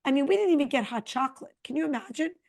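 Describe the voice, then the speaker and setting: A middle-aged woman co-hosting a podcast, chatting casually and telling a long, animated travel story. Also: sits high, very fast, creaky. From Connecticut. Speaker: podcast co-host. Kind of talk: casual chat.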